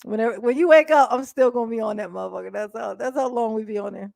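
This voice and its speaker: A woman doing casual live-stream commentary, blunt and profane, chatting directly with her viewers and breaking into quick laughs. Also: a little high, gravelly, a little mellow, dry recording, clean studio sound. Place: indoors at home.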